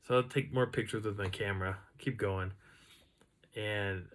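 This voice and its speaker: A man casually recounting an outdoor encounter in a rambling, animated way, now and then imitating the sounds he heard. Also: lowish voice, moderate pace. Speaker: outdoor storyteller. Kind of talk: casual first-person storytelling.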